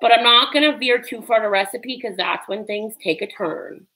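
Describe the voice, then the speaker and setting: A woman's voice: fairly high pitch, moderate pace, pushed and bright, low-quality recording. A woman chatting casually on a livestream while she cooks in her home kitchen, nervous and self-deprecating, with sudden yelps. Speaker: livestream cooking host.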